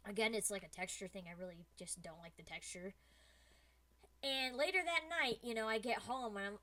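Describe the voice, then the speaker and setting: A young woman streamer spins a dramatic story in casual, slang-heavy chat. Her voice is bright and a little high, and her retelling is animated.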